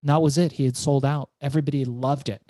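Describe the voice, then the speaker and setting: A middle-aged man, an entrepreneur guest, telling his story in an animated interview and repeating words as he goes. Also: mid-range voice, quick pace, no echo.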